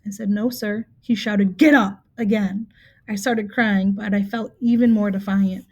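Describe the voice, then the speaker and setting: A woman reading a nonfiction book aloud in a steady, measured storytelling manner, with occasional small slips. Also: medium pitch. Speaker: reader.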